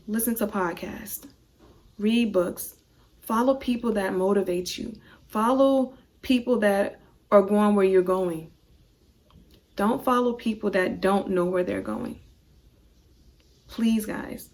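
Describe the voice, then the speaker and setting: A woman vlogger talking earnestly to her viewers in a motivational vlog, repeating her points for emphasis and pleading with them directly. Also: mid-range voice. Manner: repetitive, emphatic phrasing.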